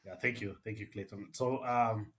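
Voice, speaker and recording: A Kenyan man in his forties, a missionary and campus pastor, answering interview questions in a measured way with many "uh" fillers. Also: fairly low pitch, steady tone, slight background noise.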